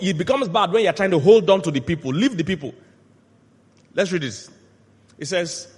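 A male pastor preaching a sermon, asking the congregation to finish his lines and swinging from quiet asides to loud shouted peaks. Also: a little high. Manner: call-and-response questions to the congregation. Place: church hall. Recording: long hall reverb.

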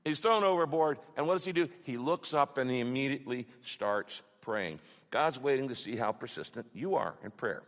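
A middle-aged man preaching a sermon, passionate and emphatic, building to loud peaks. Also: mid-range voice, animated, normal speed. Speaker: pastor. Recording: long hall reverb.

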